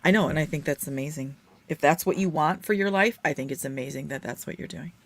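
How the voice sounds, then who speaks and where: A tired woman co-hosting a casual late-night livestream, playful and teasing, with deadpan jokes. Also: low voice, fast talker. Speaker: livestream co-host.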